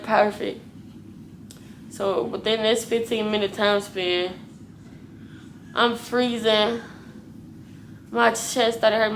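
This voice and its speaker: A woman's voice: mid-range voice, slight background noise. A young woman vlogger casually telling her viewers a story, blunt and full of swearing. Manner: profane, blunt, animated retelling.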